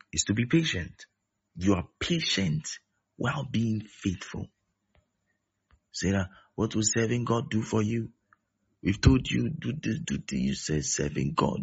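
Raspy, gravelly preacher man. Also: fairly low pitch. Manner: emphatic, repeats key phrases. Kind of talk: sermon. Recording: dull lo-fi recording.

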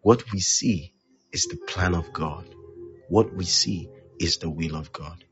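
A man preaching a sermon as pastor, repeating his phrases with force, then dropping to a hush. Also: sits low, a little slow, dull audio, faint music behind. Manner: emphatic preaching, repeats phrases, swings loud to hushed.

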